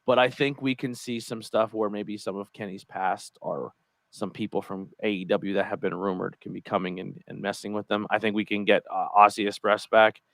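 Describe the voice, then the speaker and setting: A man's voice: fairly low pitch, steady tone, normal speed, creaky, a bit bright, dry recording. A man co-hosting a podcast, chatting casually and rambling, hedging his points as he goes. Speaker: podcast co-host. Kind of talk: casual chat.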